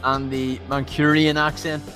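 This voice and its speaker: A man's voice: fairly high pitch, flat delivery, unhurried, pushed and bright, soft background music. A man co-hosting a livestream, joking and bantering with viewers. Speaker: livestream co-host. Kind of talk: casual livestream chat.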